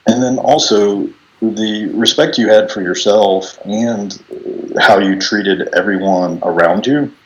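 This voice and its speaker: Middle-aged man with a deep voice, easygoing storyteller on a video call. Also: takes it slowly, muffled recording. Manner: relaxed storytelling with many fillers and restarts. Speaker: coworker giving a farewell speech. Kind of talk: casual speech on a video call.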